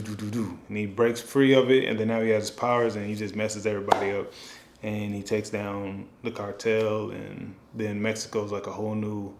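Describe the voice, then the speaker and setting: A man, a film director, thinking aloud in a casual, rambling monologue full of fillers and restarts. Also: lowish voice. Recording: echoey room.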